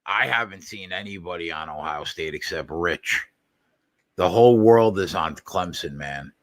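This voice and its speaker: A man's voice: low voice, a little slow, no echo, studio quality. A man hosting a casual sports betting chat, blunt and swearing casually. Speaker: show host.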